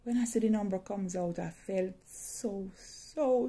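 A woman's voice: medium pitch, unhurried, mellow. A woman telling a personal story in a dramatic, emotional way, often repeating phrases.

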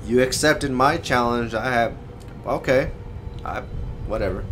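A man giving live gameplay commentary, excitable and teasing, with sudden yelps and laughs. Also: medium pitch, unhurried, pauses often. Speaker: gaming video host. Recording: game music behind the voice.

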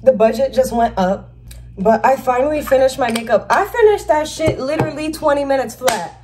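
A twenty-five-year-old woman vlogging casually as she gets ready at home, brash and quick to swear and laugh. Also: sits high, expressive, noisy background. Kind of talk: casual get-ready-with-me chat.

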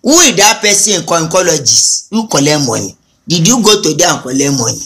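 A man co-hosting a loose, casual chat, chiming in with agreement and slipping into pidgin. His voice is slightly high and moves around a lot in pitch. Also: expressive, fairly quick, a bit bright, poor audio. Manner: agreeing interjections, pidgin phrases. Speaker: co-host.

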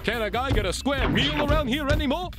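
A man voicing a hungry cartoon aardvark with a sardonic, deadpan wit. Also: very high voice, fast. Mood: exasperated. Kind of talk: cartoon voice acting. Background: loud cartoon music score.

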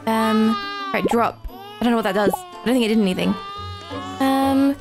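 High-voiced, flustered young woman. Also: gravelly. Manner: flustered, rapid, swoops up high when panicking, mock-crying. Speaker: gaming YouTuber. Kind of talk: let's-play commentary. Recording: game music playing behind.

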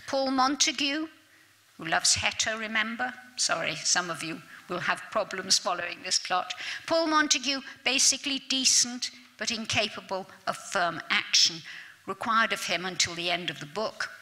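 A woman giving a literature lecture at a summer school, chatty and lively, with asides to her audience and little self-mocking remarks. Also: mid-range voice. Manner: self-deprecating, laughs at herself.

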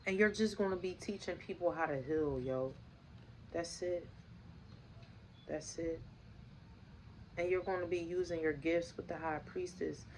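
A woman's voice: lowish voice, measured pace, pauses often, darkish tone, a little hiss or hum. Emphatic, swearing woman tarot reader. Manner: emphatic, repeats herself, swears freely; preaching, asks rhetorical questions. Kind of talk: casual tarot reading to viewers.

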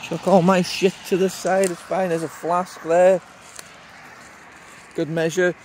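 A man's voice: high-pitched, little pitch movement, measured pace, a little mellow, slight background noise, low-quality recording. Fuming man ranting outdoors. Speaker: woodland owner. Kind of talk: vlog rant. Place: outdoors in woodland, later driving.

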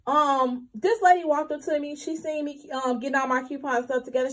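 A young woman talks straight to her viewers in a candid, chatty way. Her voice sits high and she keeps calling them y'all. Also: fairly quick, hardly any pauses. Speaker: couponing vlogger. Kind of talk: casual chat to viewers.

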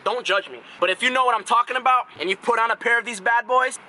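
A man filming a casual fitness vlog outdoors, goofy and playful, jumping between loud bursts and mumbles. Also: extremely high pitch, fast talker, slight background noise. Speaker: fitness vlogger. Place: outdoors, hot sunny day.

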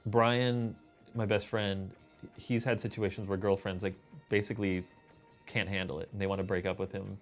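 A man's voice: fairly low pitch, little pitch movement, normal speed, soft background music. A man telling stories in a documentary interview, dry and sardonic. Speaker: VHS collector interviewee.

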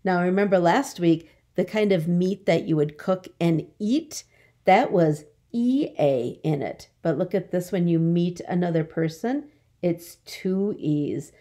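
A woman teacher giving a phonics lesson to young children, drawing words out slowly in a sing-song voice. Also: on the low side, animated, dark tone. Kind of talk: early-grade phonics lesson.

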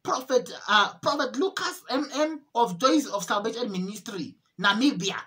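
A woman giving an emotional religious testimony, earnest and repetitive, often halting to restate her words. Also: on the high side, lively intonation, a bit bright. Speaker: testimony preacher.

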